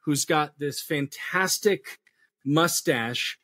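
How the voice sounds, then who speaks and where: A man with a husky voice telling history as a podcast guest, animated and jokey with playful asides. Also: on the high side, slow, no echo. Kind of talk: casual podcast chat.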